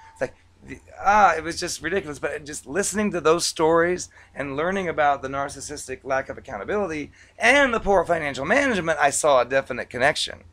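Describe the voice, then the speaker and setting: A man telling stories to camera in a casual, conversational vlog monologue, relaxed and dotted with filler words. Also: on the high side, a little fast. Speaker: vlogger recounting past collections work.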